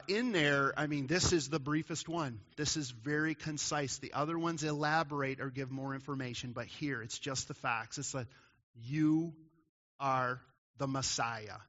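Pastor, male, bright fairly high voice, chatty sermon delivery, dull lo-fi recording. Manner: conversational, asks the audience questions.

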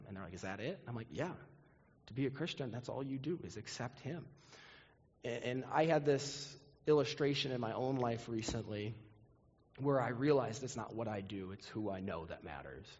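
A man's voice: mid-range voice, brisk, darkish tone, husky. A man preaching a sermon as pastor, earnest and repetitive, acting out quoted prayers. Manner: earnest, repeats words, acts out quoted prayers. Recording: muffled audio with long hall reverb.

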